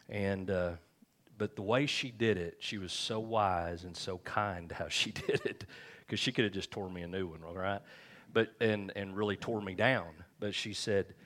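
A man preaching a sermon as pastor, folksy and joking, calling on the congregation for amens. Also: low voice. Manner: calls for amens from the crowd.

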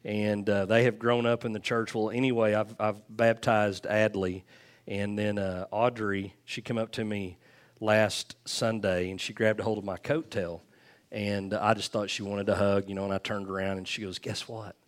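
A middle-aged man talks as a pastor to his church before baptisms. His voice sits a bit low, and he rambles warmly through restarts and little chuckles. He speaks into a handheld microphone. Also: little pitch movement, normal speed. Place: church sanctuary.

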